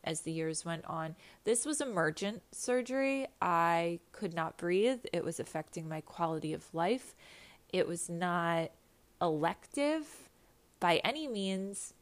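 A woman's voice: fairly low pitch, expressive, measured pace. Stuffy-nosed woman chatting candidly. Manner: candid and profane, rambling storytelling. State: stuffy nose after nasal surgery. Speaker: podcast host. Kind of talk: casual chat. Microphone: makeshift backup mic.

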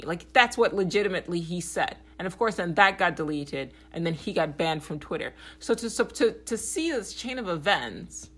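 Low-voiced blunt woman ranting. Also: lively intonation, normal speed, few pauses, fairly bright tone. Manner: blunt, profane, repeats "okay?" for emphasis; grows heated and higher when agitated. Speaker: podcast host. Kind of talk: opinionated political monologue.

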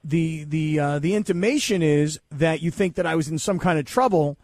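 A middle-aged male radio host with a fairly high voice talks in a dry, wry, self-deprecating way. He sounds close to the mic in a dead studio. It is easygoing banter. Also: moderate pace, a little mellow, dry recording. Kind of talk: casual sports radio banter.

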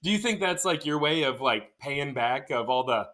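A man's voice: medium pitch, lively intonation, normal speed, heavy background noise. A man co-hosting a casual podcast chat, asking rambling, friendly questions full of fillers. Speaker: podcast co-host.

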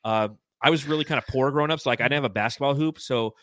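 Bright-voiced man telling rambling stories. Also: medium pitch, rapid-fire, no echo. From California. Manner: rambling, self-mocking anecdotes with many fillers. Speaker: podcast host. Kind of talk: casual storytelling chat.

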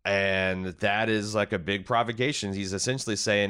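A man's voice: on the low side, steady tone, normal speed, hardly any pauses, a bit bright, clear, resonant tone. A man hosting a casual TV recap, rambling and paraphrasing characters with many fillers.

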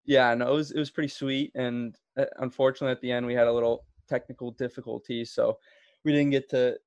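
A man's voice: medium pitch, fast talker, clean tone, no room sound, highs cut off. A man hosts a podcast in loose, easygoing chat. His mid-range voice wanders through fillers and restarts. The sound is dry and close, with no room around it. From Florida. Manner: relaxed, rambling, many fillers and restarts. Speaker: podcast host. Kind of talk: casual chat.

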